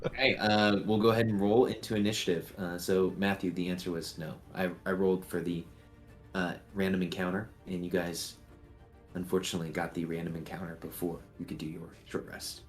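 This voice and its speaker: Game master, male, deep voice, casual halting delivery, faint background music. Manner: relaxed, halting narration with many fillers. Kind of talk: narrating a tabletop game.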